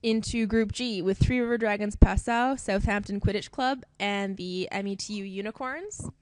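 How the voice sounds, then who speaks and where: A woman's voice: medium pitch, moderate pace, no echo. A young woman presenting a sports group draw in a casual, chatty way, laughing often between team names. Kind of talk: casual live announcing.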